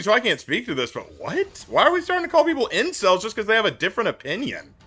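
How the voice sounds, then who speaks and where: A man's voice: sits high, fast, slightly rough. A young man from the American South, chatty and teasing, commentating casually while he plays. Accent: mild Southern US, mostly suppressed. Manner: animated, chatty, teasing, laughs often. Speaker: gaming streamer. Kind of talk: casual live-stream commentary.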